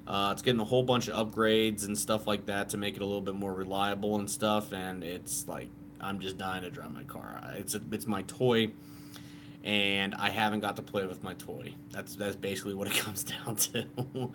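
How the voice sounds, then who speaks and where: A man's voice: on the low side, moderate pace, noisy background. A man co-hosting a live stream in casual chat, laid-back and swearing freely.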